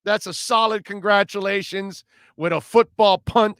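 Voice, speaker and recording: A man hosting a live sports talk radio show, reading listener comments and reacting in an animated, emphatic way, often repeating himself. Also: sits high, moderate pace, clear, resonant tone, no echo, studio quality. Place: radio studio.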